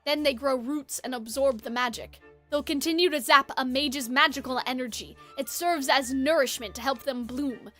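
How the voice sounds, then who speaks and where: A woman voicing a composed, learned young male sorcerer who explains things in a measured way. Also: high-pitched, bright, forceful tone, soft background music, voice pushed down. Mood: calm explaining.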